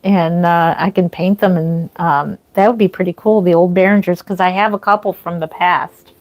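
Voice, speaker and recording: A woman's voice: lowish voice, steady tone, moderate pace. Chatty woman livestreaming from home. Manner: rambling, chatty, with frequent restarts and laughs. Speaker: reborn doll artist hosting a livestream. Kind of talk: casual livestream chat. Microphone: phone or camera mic, walks away at times.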